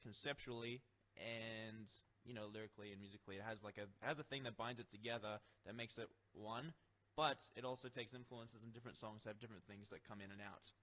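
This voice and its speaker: A man's voice: lowish voice, steady tone, fast, bright, forceful tone. An Australian man answering interview questions in a playful, rambling way, with frequent ums and jokes. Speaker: band member interviewed. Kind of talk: casual joking interview.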